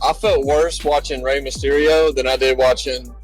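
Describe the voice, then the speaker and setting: A man's voice: mid-range voice, flat delivery, normal speed, faint music behind, poor audio. A young man co-hosting a podcast in casual chat, blunt and opinionated. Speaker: podcast co-host.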